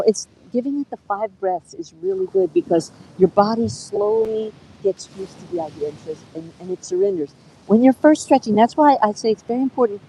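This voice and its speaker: A woman over fifty leads a live yoga class from a beach, coaxing her students gently into each stretch and counting out their breaths. Her voice sits in a mid range with a mellow, warm tone. A faint low rumble runs underneath. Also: rough recording. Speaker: yoga teacher. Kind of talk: live outdoor yoga instruction. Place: outdoors on a beach.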